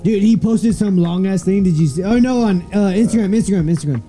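A man's voice: high-pitched, quick pace, dark tone, soft background music. A man in casual chat, eagerly directing friends and laughing.

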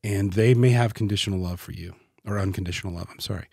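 Husky-voiced man, heartfelt and halting. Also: low-pitched, a little mellow, no echo, clean studio sound. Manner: heartfelt, halting, repeats words as he searches for them. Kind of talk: casual podcast conversation.

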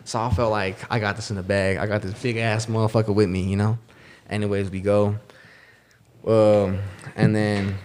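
A man's voice: lowish voice, slight background noise. A young man co-hosting a podcast, telling a story in casual slang and acting out the people he quotes. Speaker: podcast co-host.

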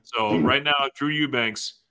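A man's voice: mid-range voice, a little slow, sharp tone. A man guesting on a casual podcast, joking and rambling. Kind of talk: casual chat.

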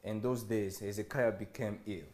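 A man reading scripture aloud during a sermon, steady and measured. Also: lowish voice, roomy sound. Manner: steady reading, frequent murmured agreement.

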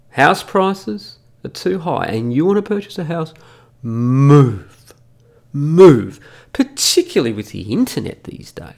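Into a studio mic, a middle-aged Australian podcast host rants alone, swearing and mocking with heavy emphasis. His voice is high-pitched and creaky.

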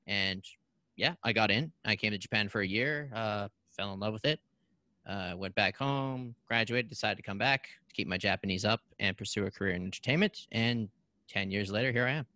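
A man from Canada tells stories on a podcast, animated and quick to act out voices. His voice sits low but sounds bright and forceful. The recording is close and dry, with no room sound. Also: dry recording. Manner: animated, acts out voices in anecdotes. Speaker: podcast guest, actor. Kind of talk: casual storytelling.

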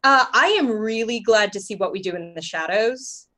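A woman's voice: medium pitch, expressive, normal speed, pushed and bright. A woman co-hosting a casual chat about TV, chatty and full of fillers, with trailing thoughts.

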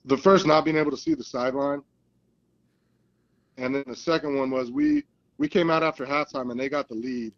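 Man telling animated football stories. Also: fairly high pitch, fairly quick, pauses often, lo-fi sound. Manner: animated storyteller, acts out quoted lines. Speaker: guest, football coach. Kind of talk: casual storytelling interview.

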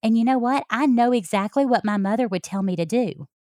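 A woman's voice: a little high, brisk, no room sound, clean studio sound. A middle-aged woman, a health coach talking to her listeners in a folksy, heartfelt way. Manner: warm, folksy, talks straight to listeners. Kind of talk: heartfelt personal talk.

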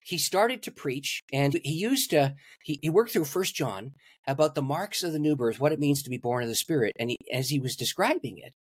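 Animated male pastor telling a story. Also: fairly high pitch, brisk, few pauses, slightly rough, dry recording, clean studio sound. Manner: animated storyteller, laughs at his own stories. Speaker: pastor and guest. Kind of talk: storytelling in a podcast interview.

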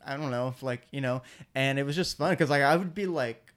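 A man with a smooth, resonant voice chatting casually on a podcast. He tells stories animatedly, leans on "like," and keeps things light. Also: fairly quick. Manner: animated storyteller, many "like" fillers, jumps into high mimicking voices. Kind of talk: casual chat.

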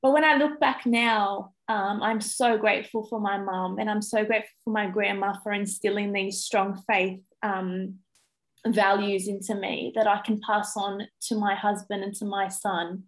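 A woman's voice: mid-range voice, fairly even intonation, normal speed, low-quality recording. Australian woman on a podcast, kinda teary, lots of ums, talking about her family. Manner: emotional, tearful, many fillers. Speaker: guest, primary school teacher. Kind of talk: casual interview chat.

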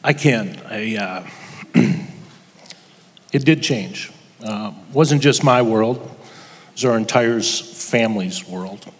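An older man telling a personal story as a guest before an audience, halting with pauses and restarts. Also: on the low side, long reverb tail. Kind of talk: personal testimony to a live audience.

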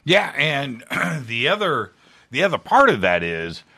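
A man's voice: medium pitch, huge pitch swings, unhurried, gravelly, bright, forceful tone, husky, no echo. A man hosting an interview, talking in a conversational way. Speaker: podcast host. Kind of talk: casual interview talk.

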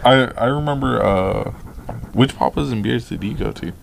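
Young male co-host, low gravelly voice, relaxed and jokey, noisy home recording. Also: moderate pace. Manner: laid-back, joking. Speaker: podcast co-host. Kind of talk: casual chat.

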